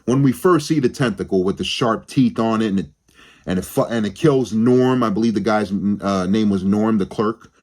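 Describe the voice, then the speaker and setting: A man's voice: medium pitch, darkish tone. A young man giving a rambling, casual film review on his channel, swearing freely and often restarting his sentences. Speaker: movie review vlogger.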